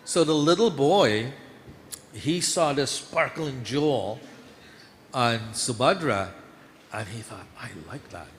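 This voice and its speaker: A man giving a storytelling sermon at a temple, lively as he acts out the scenes. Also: medium pitch, slow, long pauses. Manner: lively storyteller, voice climbs when acting out scenes. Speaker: temple speaker telling devotional stories. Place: temple hall. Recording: echoey hall with faint background noise.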